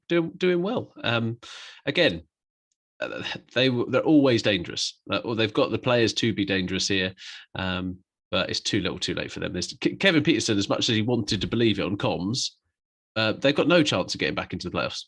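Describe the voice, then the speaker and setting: A man's voice: on the low side, a bit bright. Man in stammering, blunt podcast chat. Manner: stammering restarts, easy laughing, blunt opinions. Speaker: podcast co-host. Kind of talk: casual cricket chat.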